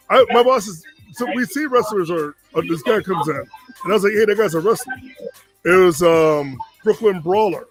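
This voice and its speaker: A man in his forties from Connecticut telling a long story casually, acting out the other people's lines. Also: fairly high pitch. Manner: animated, acts out quoted voices.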